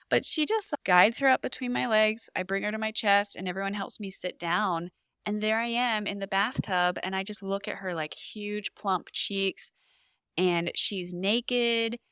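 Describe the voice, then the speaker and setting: Bright, clear-voiced woman telling a story. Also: mid-range voice, no echo. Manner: animated storytelling, acting out quoted lines. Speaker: podcast guest. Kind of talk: telling her birth story.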